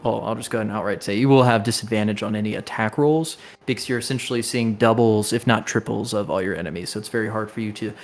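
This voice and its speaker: A young man running a tabletop game over a voice call, explaining rules in a relaxed, rambling way with many fillers. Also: fairly low pitch, fast talker, hardly any pauses. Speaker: game master. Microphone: online voice call.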